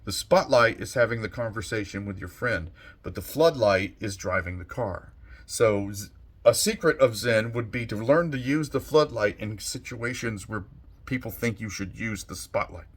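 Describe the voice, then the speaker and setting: A man giving a slow, thoughtful monologue as a channel host, soft-spoken and unhurried. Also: lowish voice, animated. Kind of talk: reflective monologue.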